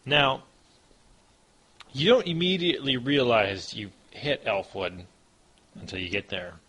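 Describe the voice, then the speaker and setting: A man's voice: medium pitch, a little slow, a bit bright, husky. A man narrating as game master of a tabletop role-playing podcast, casual and hesitant with lots of ums.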